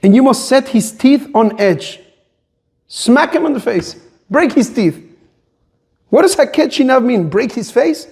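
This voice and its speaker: A rabbi in middle age preaches with fervor, firing off rhetorical questions and sprinkling in Hebrew terms. His voice sits notably high for a man. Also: expressive, unhurried, long pauses, darkish tone, breathy edge. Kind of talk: sermon.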